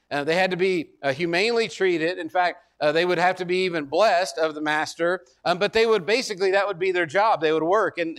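High-voiced man preaching a sermon. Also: fairly bright tone. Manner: conversational, repeats words, asks congregation to recall. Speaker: pastor.

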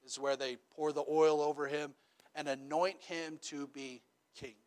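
Here a man's voice sits on the high side, moving at a moderate pace with a clean tone. He's a pastor delivering a relaxed, chatty sermon, frequently asking "right?" to check in. His storytelling is lively and funny.

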